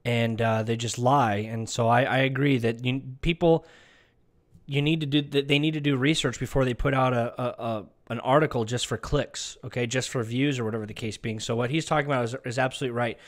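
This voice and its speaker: A man's voice: medium pitch, steady tone, a little fast. A man delivering an emphatic political commentary monologue who often tags his lines with "okay". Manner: emphatic, repeats "okay" as a tag. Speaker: online commentator.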